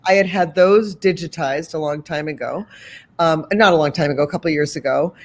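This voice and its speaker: A woman's voice: low-pitched, brisk. Chatty woman guest, rambling storyteller. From Boston area. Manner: chatty, rambling, many asides and restarts. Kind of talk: storytelling in an online interview.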